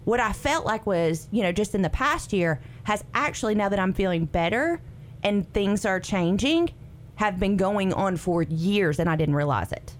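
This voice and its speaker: Lively woman in her forties. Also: medium pitch, moderate pace. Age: 40s. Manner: lively, animated, acts out her own quotes. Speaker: radio co-host and guest. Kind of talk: casual chat telling her story.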